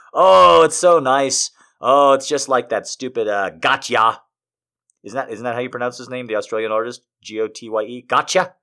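A man's voice: fairly low pitch, bright, forceful tone. A man hosting a podcast, reading poetry and then chatting casually, often rambling off track with swearing asides. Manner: rambling, easily sidetracked. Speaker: podcast host.

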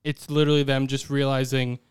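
A young man co-hosts a casual film podcast and wanders through his thoughts, restarting them as he goes. His voice comes through remarkably clear. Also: mid-range voice, flat delivery, a little fast. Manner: rambling, restarts thoughts often. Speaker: podcast co-host. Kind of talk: casual movie discussion.

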